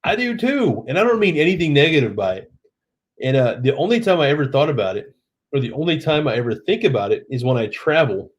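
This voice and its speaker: A man's voice: on the high side, very animated, fast talker. A middle-aged man from Oklahoma with a Southern accent, a bit tipsy, hosting a casual late-night live stream from home and reading viewer comments aloud. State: tipsy from drinking.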